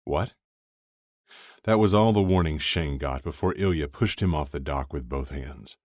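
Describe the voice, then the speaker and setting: A man reads an audiobook in a measured, even way. His voice is very deep. The recording is dry and close. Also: dry recording. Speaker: audiobook narrator. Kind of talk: scripted narration.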